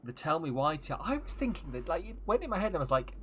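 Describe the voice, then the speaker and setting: A man's voice: fairly high pitch, very animated, racing, fairly bright tone, slight background noise. A young man streaming a game and chatting casually, swearing freely and correcting himself as he goes. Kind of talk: casual live-stream chat while gaming.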